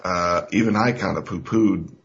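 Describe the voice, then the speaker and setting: A man's voice: low-pitched, normal speed, gravelly, a bit bright. A man hosting a talk radio show, talking in an emphatic, folksy, rambling way with fillers. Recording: dull lo-fi radio recording.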